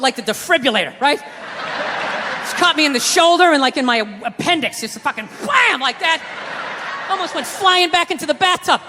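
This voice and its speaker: A man performing a stand-up routine, telling a story with animated, profane delivery and a constant "right?". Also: very high-pitched, noisy background. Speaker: stand-up comedian. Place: theater stage before a live audience. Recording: reverberant hall with crowd.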